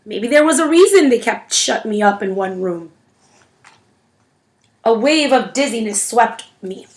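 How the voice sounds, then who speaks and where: A woman narrating a novel in the first person, with an expressive storytelling manner. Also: fairly high pitch, unhurried. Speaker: audiobook reader.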